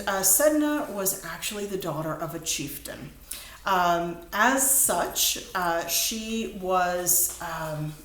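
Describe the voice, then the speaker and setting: A woman instructor lecturing and retelling a myth in a chatty, meandering way, with plenty of ums and uhs. Her voice sits mid-pitched and sounds roomy, with a faint hiss behind. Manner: chatty storytelling, frequent fillers. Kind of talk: recorded lecture. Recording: roomy room, faint background noise.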